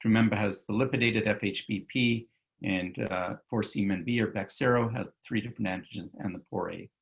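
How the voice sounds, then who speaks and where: A man's voice: lowish voice, a little fast, creaky. A male physician giving an online medical lecture over slides, talking loosely with many fillers and self-corrections.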